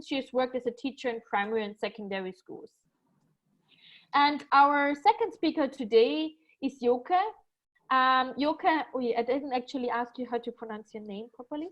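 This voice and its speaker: Webinar moderator, woman, high voice, halting with lots of ums over a video call. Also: low-quality recording. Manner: many ums and uhs, reads bios with small slips. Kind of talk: hosting a webinar, introducing speakers.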